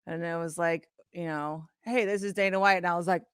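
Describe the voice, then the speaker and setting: A woman guest on a podcast, telling stories in a casual, animated, profane way, full of "like" fillers. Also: lowish voice, brisk, clean tone, no echo, studio quality. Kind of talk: casual storytelling chat. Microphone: podcast studio mic.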